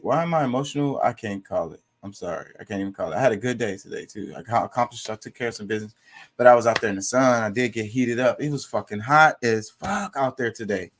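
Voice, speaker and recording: Blunt, profane man talking to his viewers. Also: on the low side. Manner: blunt and profane, talks to the audience directly. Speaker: commentator reading viewer comments. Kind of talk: casual live-stream commentary.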